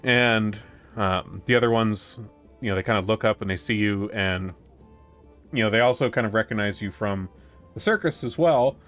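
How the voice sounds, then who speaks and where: Man, game master, narrates casually with fillers; fairly low voice over faint music. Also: moderate pace, a bit bright. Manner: rambling, many ums and restarts.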